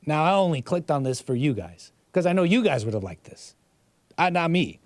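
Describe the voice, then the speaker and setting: A man's voice: a little high, big pitch swings, moderate pace, no room sound. A man hosting a casual livestream, reading viewer messages and rambling sarcastically with frequent restarts. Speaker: livestream host.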